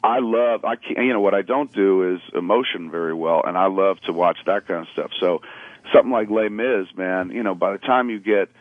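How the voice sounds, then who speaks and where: A man calling in to a radio show, rambling and animated, acting out little quoted voices as he tells his stories. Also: sits low, fairly quick, no echo. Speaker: caller. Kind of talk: casual radio chat. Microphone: phone call. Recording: tinny phone line.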